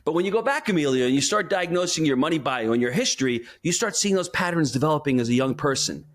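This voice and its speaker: A man's voice: on the high side, fast. A man talking as a money coach in a podcast interview, telling stories and giving advice in an emphatic, coaching way. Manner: animated storyteller, emphatic and coaching. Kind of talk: conversational interview.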